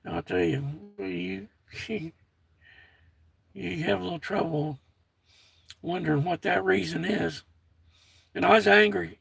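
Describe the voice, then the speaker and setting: A man's voice: sits high, steady tone, slow pace, creaky, long pauses, slightly rough. An older American man with a folksy manner, chatting casually on his own livestream and reading out viewer comments. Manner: folksy, reads out viewer comments, warm toward chat. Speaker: livestream host.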